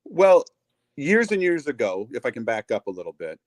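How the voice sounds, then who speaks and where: A man's voice: medium pitch, big pitch swings, normal speed, no echo. A middle-aged man, a wrestling ring announcer, chatting as an interview guest, full of fillers and acted-out quotes. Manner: chatty, acts out quoted voices, lots of fillers. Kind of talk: casual storytelling interview.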